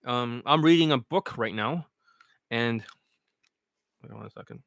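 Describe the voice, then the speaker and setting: A man's voice: mid-range voice, measured pace, gravelly, fairly bright tone, no echo. Guy dating coach ranting, swears a lot, brags, medium voice, dry close sound. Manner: blunt and profane, boastful. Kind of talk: casual livestream talk and sales pitch.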